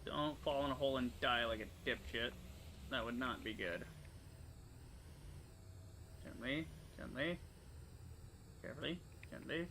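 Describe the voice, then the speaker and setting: A man's voice: mid-range voice, bright, forceful tone, a little hiss or hum. A young man, a gaming streamer, giving casual let's-play commentary, muttering to himself and cursing when the game annoys him. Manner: profane, quick to frustration, muttering to himself.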